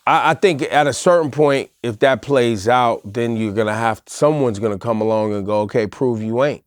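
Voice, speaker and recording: A man hosts a casual panel discussion at an everyday mid pitch, working through his point in measured, roundabout sentences. His voice is close and dry, with no room sound around it. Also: clean tone, no echo. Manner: measured, thinks aloud with many asides. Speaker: host.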